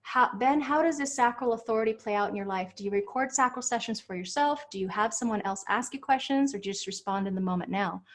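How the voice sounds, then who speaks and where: A woman coach leading a live group session, gently guiding listeners into their feelings and explaining. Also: fairly high pitch. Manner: soothing, guiding, speaks slowly when leading feelings. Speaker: Human Design coach.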